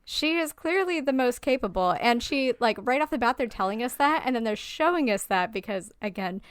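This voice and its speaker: A woman's voice: on the high side, a little fast, clean tone, no echo, studio quality. A woman co-hosting a podcast, chatting casually, swearing freely and laughing often. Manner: profane, animated, laughs often. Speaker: podcast co-host. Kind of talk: casual chat.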